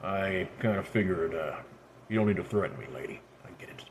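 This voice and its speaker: A worn-out detective who is gruff and blunt , voiced by a man. His speech sits a little low and quiet, and he swears as he talks. Faint noise sits under the voice. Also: lively intonation, a little fast. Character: weary, blunt male detective.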